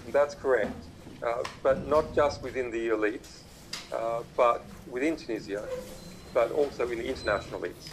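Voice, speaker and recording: A man giving a remote public talk over a video link, halting and full of fillers and restarts as he speaks. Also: mid-range voice, noisy background. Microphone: video call played through a laptop speaker.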